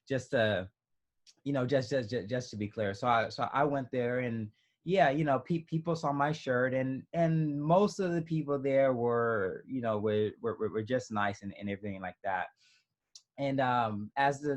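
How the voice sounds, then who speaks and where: A man in his twenties, an interview guest telling a personal story casually, with many restarts and fillers. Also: medium pitch. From United States. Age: 20s.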